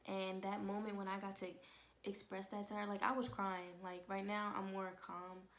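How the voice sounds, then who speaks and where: A young woman tells a heartfelt testimony at home, her voice gravelly with fry and held to a narrow, flat pitch. She talks casually and keeps slipping into hushed whispers as the emotion rises. A faint hiss of noise runs beneath her. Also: moderate pace. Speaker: vlogger.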